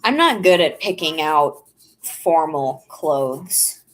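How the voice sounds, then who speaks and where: A woman's voice: low voice, lively intonation, slow, rough recording. A young woman vlogger chatting casually and rambling while she draws. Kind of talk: casual chat while drawing.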